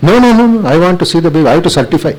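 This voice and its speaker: A man with an Indian accent playing a proud young male doctor who insists and shouts indignantly. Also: fairly high pitch, lively intonation, very fast, pitched above the performer's own voice, rough recording. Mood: insistent.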